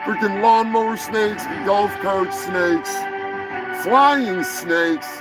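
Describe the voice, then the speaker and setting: A man hosting a crude live show, rambling and swearing, jumping from loud outbursts to mumbled asides. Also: high-pitched, very slow, low-quality recording. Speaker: show host. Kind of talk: crude live-stream rant. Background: music.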